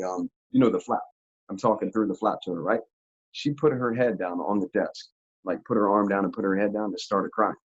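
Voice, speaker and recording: Husky low-voiced man telling a story. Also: dull audio. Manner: animated, slangy, laughs often. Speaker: interview guest. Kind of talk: casual storytelling.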